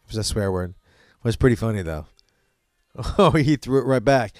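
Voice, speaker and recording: Brief: male podcast host, loose, salty storyteller, smooth dry-miked voice. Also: on the low side, normal speed, no room sound. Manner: profane, animated, laughing between stories. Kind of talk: casual storytelling chat.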